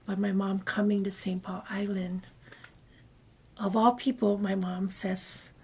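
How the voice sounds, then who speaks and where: A woman guest telling a personal story in conversation, rambling and often dropping into breathy half-whispered asides. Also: medium pitch, little pitch movement, a little slow, a little mellow. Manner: meandering, with many fillers and restarts. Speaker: interview guest.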